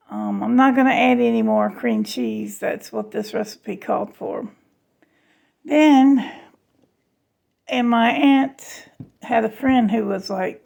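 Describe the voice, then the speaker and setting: A woman's voice: on the high side, vocal fry, mellow. A woman chatting casually to her viewers in a home cooking vlog, folksy and half awake. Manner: chatty, folksy, talks to viewers as y'all and honey. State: just woke up, half awake. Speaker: home cook vlogger.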